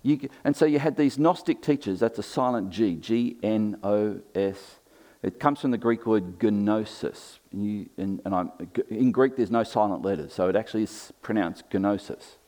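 A man's voice: on the low side, normal speed, warm tone. Emphatic male pastor preaching a sermon. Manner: emphatic, varied delivery with asides and humor. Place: church.

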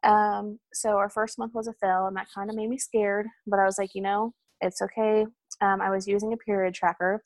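A woman's voice: mid-range voice, level tone, moderate pace, dry recording. A young woman telling a personal story in a candid, rambling way, with many ums and asides. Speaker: hospital supervisor sharing a personal story.

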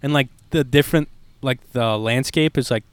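A man's voice: mid-range voice, normal speed, smooth, no echo. Young male co-host, loose casual chat, filler-heavy, dead-dry sound. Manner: loose, swearing, lots of fillers. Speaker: podcast co-host.

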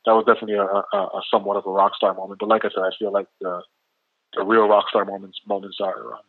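A Canadian man with a low voice and a relaxed Canadian accent talks loosely as a guest, with lots of fillers. He comes through a tinny, dry phone line. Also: fast talker, no room sound. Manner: easygoing, rambling with many fillers. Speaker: rapper guest. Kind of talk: casual interview over the phone.

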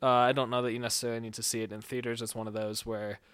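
Easygoing man with a smooth voice. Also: mid-range voice, little pitch movement, rapid-fire, a bit bright, no room sound. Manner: rambling, hedging with fillers. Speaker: podcast co-host. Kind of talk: casual movie review chat.

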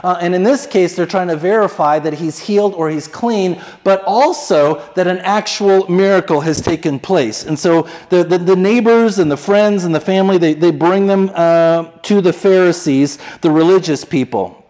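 Male pastor, conversational sermon delivery, acts out quotes, a touch higher pitched than most men. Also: normal speed, few pauses, darkish tone, poor audio.

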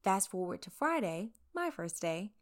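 A woman's voice: medium pitch, big pitch swings, a little slow. A woman reporter from the American South narrating her own story in a candid, conversational way with wry asides. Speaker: local TV reporter. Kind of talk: scripted first-person narration.

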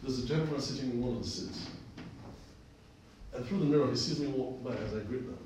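A man's voice: medium pitch, brisk, a little mellow, slight background noise. A man preaching a sermon, telling a personal story and repeating phrases for emphasis. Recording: echoey distant room recording.

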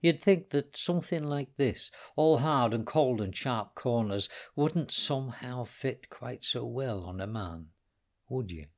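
A man's voice: medium pitch, lively intonation, unhurried. A man reading aloud and voicing a wry younger Irishman who answers in short, dry lines. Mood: pensive. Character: wry younger Irishman, cocky then shaken.

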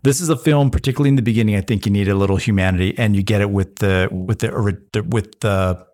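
A man's voice: on the low side, fast talker, a little mellow. A man co-hosting a film review podcast, talking thoughtfully and restarting phrases as he searches for words. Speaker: podcast co-host. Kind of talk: casual film review chat.

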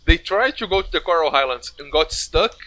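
Bright man thinking aloud in chat. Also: a little high, expressive, fairly quick, low-quality recording. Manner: hesitant, thinking aloud with fillers. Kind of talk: casual chat about a video game.

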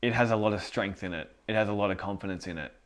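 A man's voice: fairly low pitch, quick pace. Earnest, chuckling male preacher. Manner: earnest, conversational, laughs often. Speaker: pastor. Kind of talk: sermon.

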